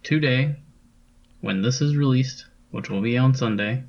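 A man's voice: mid-range voice, a little slow, darkish tone, lo-fi sound. A man co-hosting a podcast, talking in a laid-back, chuckling way as he walks through the bracket. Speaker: podcast co-host. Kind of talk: casual chat.

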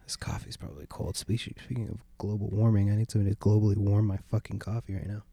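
A man's voice: fairly low pitch, little pitch movement, fast talker, dark tone, no room sound. A young adult man hosting a casual solo podcast, rambling and complaining with lots of swearing and a sardonic edge. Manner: profane, rambling, meandering. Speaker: podcast host. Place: sitting at home by a window.

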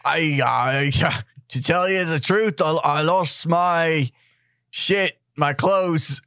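A man's voice: fairly high pitch, slow pace, sharp tone, clean tone, dry recording, studio quality, exaggerated voice. A man playing a flustered character with a clumsy put-on British accent, stammering through excuses. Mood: sheepish. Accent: bad put-on British. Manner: stammering, sheepish.

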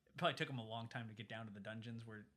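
Fast-talking bright-voiced man, rambling chat. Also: on the low side. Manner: rambling, heavy use of "like". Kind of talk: casual chat recapping a movie.

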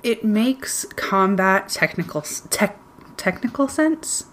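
A woman's voice: mid-range voice, expressive, slow pace, slight background noise. A woman playing a tabletop role-playing game, stumbling over words, correcting herself and making sarcastic remarks. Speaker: player. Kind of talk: tabletop role-play, dry joking.

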